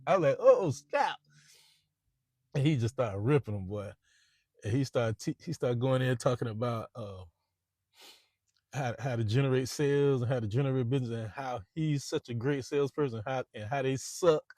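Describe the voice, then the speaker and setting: A man's voice: mid-range voice, normal speed, dark tone, dry recording. A man, a real estate agent, rambling casually in a vlog monologue from inside a parked car, repeating words as he goes.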